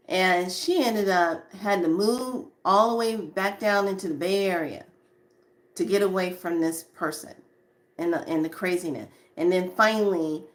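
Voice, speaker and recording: A woman recounts a personal story in a loose, animated way. She doubles back on her words and keeps the telling lively. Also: fairly low pitch. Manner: animated, repeats words and acts out quotes. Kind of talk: casual storytelling.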